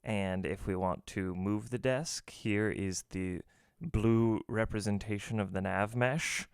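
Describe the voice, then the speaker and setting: A man's voice: on the low side, slow, vocal fry, clear, resonant tone, no room sound, studio quality. A man hosting a casual, jokey screen-recorded game development tutorial, walking through each step with self-deprecating asides. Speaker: game dev tutorial host.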